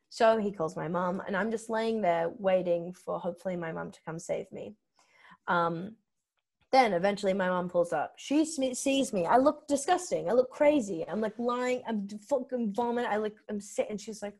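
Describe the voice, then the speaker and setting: Animated young Australian woman telling stories. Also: medium pitch, normal speed. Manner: animated, swings into acted-out quotes. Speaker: podcast guest, comedian. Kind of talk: candid comic storytelling.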